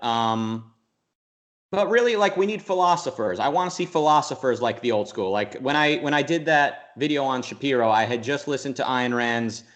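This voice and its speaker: A man's voice: medium pitch, fairly bright tone. A young man giving an interview in casual conversation, thinking aloud with restarts and now and then mimicking voices. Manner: thoughtful, rambling, restarts a lot, sometimes mimics voices. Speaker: interview guest.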